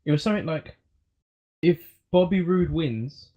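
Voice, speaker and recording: A man's voice: fairly high pitch, expressive, moderate pace, phone-quality sound. A young man co-hosting a podcast, chatting casually and working through his picks hesitantly. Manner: hesitant, thinks aloud with fillers. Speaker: podcast co-host. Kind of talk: casual chat.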